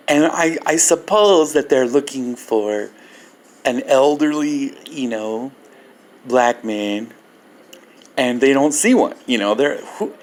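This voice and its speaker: Older male vlogger, gravelly grain, warm animated storyteller. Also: a little high, slight background noise. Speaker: Christian ministry vlogger. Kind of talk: personal storytelling testimony.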